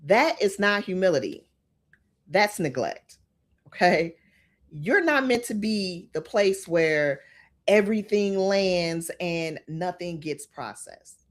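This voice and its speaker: Podcast host, woman, middle-aged, lowish voice that rises and falls widely, earnest and coaching. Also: expressive, slow pace. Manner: earnest, repeats "okay?" to the listener. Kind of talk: motivational talk.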